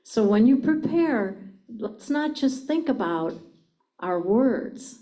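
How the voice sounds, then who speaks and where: Middle-aged woman teaching a seminar crowd, warm mellow voice, keeps asking the room stuff. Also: fairly high pitch, lively intonation, slow pace, low-quality recording. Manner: engaging, asks the audience questions. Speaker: communication trainer. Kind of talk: live seminar talk to an audience.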